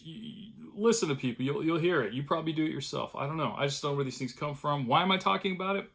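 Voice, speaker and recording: A man's voice: fairly high pitch, fast, vocal fry, hardly any pauses, fairly bright tone. A middle-aged man talking casually and at length in a home vlog, chatty and self-deprecating. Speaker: vlogger, cartoonist. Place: home studio room.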